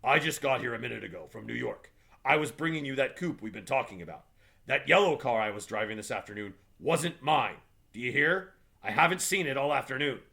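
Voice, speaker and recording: A man voicing a gruff, commanding rich man. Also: mid-range voice, animated, a little fast, pitched above the performer's own voice. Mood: insistent. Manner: gruff and forceful.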